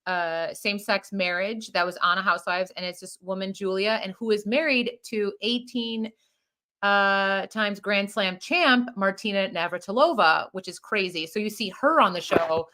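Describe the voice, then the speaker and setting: Bright-voiced chatty woman podcaster. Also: medium pitch, moderate pace. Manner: chatty and rambling, many fillers. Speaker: podcast co-host. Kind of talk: casual chat.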